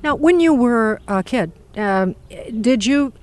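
A woman's voice: fairly high pitch, lively intonation, slow, a little mellow. A woman hosting an interview, chatty, prompting her guest with questions. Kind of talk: conversational interview.

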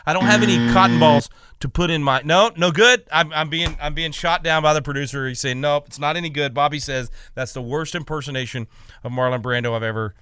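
A man's voice: a little high, brisk, pushed and bright, clean tone. A man hosting a talk radio show, giving emphatic, indignant commentary with frequent stammered restarts.

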